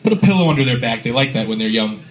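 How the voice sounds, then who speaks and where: A man's voice: medium pitch, very fast. New guy doing filthy stand-up, acting out voices, echoey club, muffled phone audio. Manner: crude, animated storytelling with acted-out voices. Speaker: stand-up comic. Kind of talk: stand-up comedy set. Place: comedy club stage. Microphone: phone recording from the audience.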